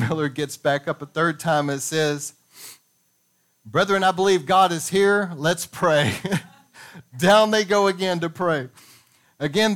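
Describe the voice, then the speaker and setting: A man preaching in church, reading a revival story aloud and adding animated asides to the congregation. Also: fairly high pitch. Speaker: pastor.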